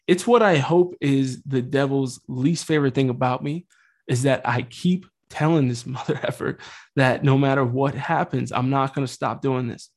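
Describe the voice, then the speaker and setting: A man's voice: medium pitch, moderate pace. Earnest rambling man talking faith. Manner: earnest, rambling, swears lightly. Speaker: Catholic podcast host. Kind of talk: casual faith talk.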